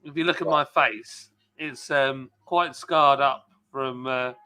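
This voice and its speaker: A man from England chatting casually on a live stream, telling animated stories and laughing a lot. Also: medium pitch, slow, smooth, soft background music. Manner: mimics other people's voices in anecdotes.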